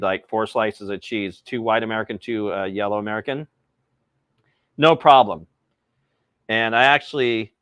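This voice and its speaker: A man's voice: on the low side, fairly bright tone, no room sound, lo-fi sound. A man hosting a casual cooking livestream, chatting and rambling to his viewers while he cooks outdoors. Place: outdoors by a pizza oven.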